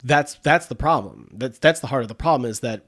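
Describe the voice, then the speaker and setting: A man's voice: mid-range voice, expressive, fairly quick, fairly bright tone. A man hosting a podcast in casual chat, with congested sinuses, rambling and restarting his sentences with frequent laughs. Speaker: podcast host.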